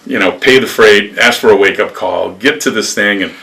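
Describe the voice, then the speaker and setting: An older man from upstate New York, a former lacrosse coach, telling rambling stories in an interview with lively acted quotes. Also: fairly low pitch, moderate pace, gravelly, distant mic. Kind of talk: storytelling interview.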